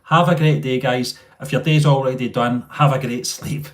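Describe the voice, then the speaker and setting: A man's voice: medium pitch, steady tone, moderate pace. A man hosting a rambling live chat with viewers, full of fillers and restarts, recorded on a mobile phone. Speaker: channel host.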